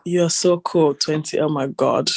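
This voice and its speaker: A woman's voice: low-pitched, fairly even intonation, unhurried, gravelly, darkish tone, dry recording. A woman co-hosting a casual chat, giggly and hesitant, often searching for her words. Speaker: podcast co-host.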